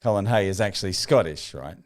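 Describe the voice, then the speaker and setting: A man's voice: low voice, lively intonation, fairly quick, a crowd in the background. A man hosting an interview, asking questions in a casual, hesitant way with many "uh"s. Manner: hesitant, frequent "uh" and restarts. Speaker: interview host.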